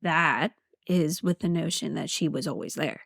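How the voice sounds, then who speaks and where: A woman's voice: low voice, animated, moderate pace, vocal fry, fairly bright tone, slightly rough, dry recording, studio quality. A woman co-hosting a true-crime podcast, blunt and casual, cursing in short reactions. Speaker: podcast co-host.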